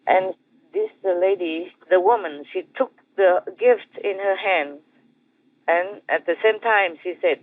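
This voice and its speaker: A man with an Indonesian accent, a spiritual master telling a teaching story in a gentle, repetitive way with soft chuckles. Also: sits high, measured pace, no echo. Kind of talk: storytelling dharma talk. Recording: tinny phone-like dry sound.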